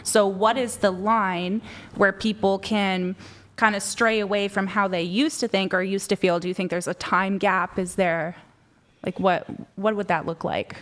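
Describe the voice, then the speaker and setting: A woman's voice: medium pitch, fairly even intonation, measured pace, a bit bright. A woman guest on a podcast, blunt and chatty as she asks the host a question. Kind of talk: casual podcast chat.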